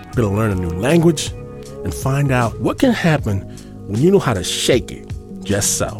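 A male radio host wrapping up a segment with lively, playful delivery. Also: medium pitch, normal speed. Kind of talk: radio show outro. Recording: music bed under the voice.

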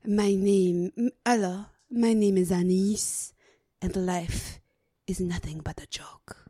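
Brief: mournful French vampire lady, low and breathy, played by a woman. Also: steady tone, slow pace, dark tone, dry recording, studio quality. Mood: gloomy. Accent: French, put on.

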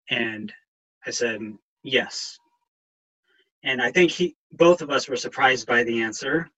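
Middle-aged male guest, husky and bright, halting and emotional personal storytelling. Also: mid-range voice, highs cut off. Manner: halting, many ums, voice catching with emotion. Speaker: guest, counselor and veteran in recovery.

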